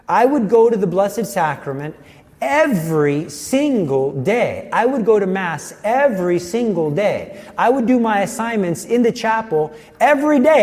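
A man's voice: sits high, darkish tone, big-room sound. A man giving an earnest personal faith testimony, telling his story vividly.

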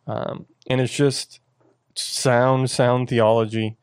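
An earnest man chatting about his faith on a talk show. His voice sits at an ordinary pitch, and he often stops and restarts mid-sentence. The sound is dry and close, with no room around it. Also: level tone, clean tone, no room sound. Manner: earnest, halting with many restarts. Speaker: podcast co-host. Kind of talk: casual faith discussion.

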